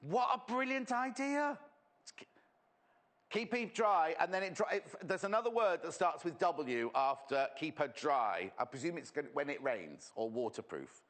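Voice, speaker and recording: A man's voice: fairly high pitch, animated, moderate pace, hardly any pauses, a bit bright. A man presenting a live sewing demonstration on a shopping channel, chatty and gossipy as he teases the crew. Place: TV studio.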